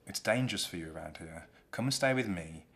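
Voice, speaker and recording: A sly young nobleman who plots behind a show of concern, voiced by a man. Smooth and low, the scheming villain of a storybook play. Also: animated, a little fast, fairly bright tone.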